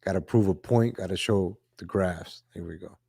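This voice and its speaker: A man hosting a casual political commentary livestream, talking in a chatty, repetitive way, greeting viewers from the chat and often saying "ladies and gentlemen". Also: sits low, moderate pace, creaky, slightly rough, no echo, clean studio sound. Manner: reads viewer chat names aloud. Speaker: livestream host.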